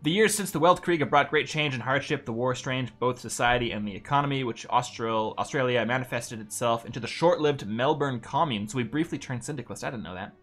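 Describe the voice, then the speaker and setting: A man's voice: mid-range voice, brisk, few pauses, fairly bright tone. A man streaming a strategy game in casual chat, reading game text aloud, laid-back and swearing freely. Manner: swearing, laid-back, stumbling over names.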